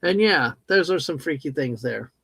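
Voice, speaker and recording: A man co-hosting a live stream, making jokey, animated asides in casual chat. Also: on the high side, moderate pace, gravelly, slightly rough, no echo. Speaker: co-host.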